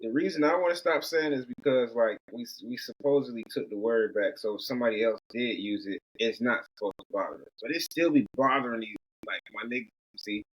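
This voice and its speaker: A man's voice: mid-range voice, fairly quick, few pauses, slightly rough, rough recording. A man in a casual group discussion, talking earnestly and thoughtfully in slang. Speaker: podcast co-host.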